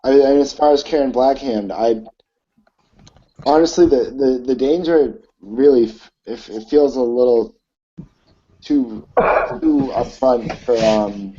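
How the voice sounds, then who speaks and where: Slow, hesitant man role-playing. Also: mid-range voice, dark tone. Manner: hesitant, halting with many fillers. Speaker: player. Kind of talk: in-character tabletop role-play. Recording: dull lo-fi recording.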